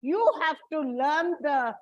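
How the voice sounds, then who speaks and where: Slow, high-voiced woman teacher. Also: expressive, dry recording. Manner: slow, deliberate explaining, addresses students as children. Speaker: English teacher. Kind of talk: classroom lecture on word stress. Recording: dull lo-fi dry recording.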